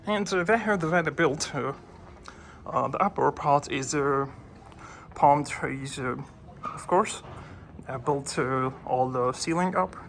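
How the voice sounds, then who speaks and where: Male vlogger, phone in hand, chatty and halting as he tours old rooms, slight background hiss. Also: on the high side. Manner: relaxed, hesitant with many uh fillers, addresses viewers. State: breathing heavily while climbing. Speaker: walking tour vlogger. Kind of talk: casual walking tour narration. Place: old fort, indoors and out. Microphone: handheld phone.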